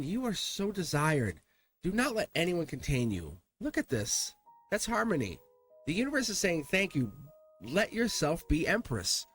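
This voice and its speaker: Animated, lively-pitched male tarot reader. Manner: animated, rambling, talks to the cards and laughs. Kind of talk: casual tarot reading to camera.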